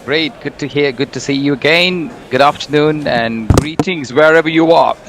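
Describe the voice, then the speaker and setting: A man's voice: fairly high pitch, moderate pace. A man opening his cricket commentary stint with friendly greetings, then summing up the match so far. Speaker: commentator taking over the stream.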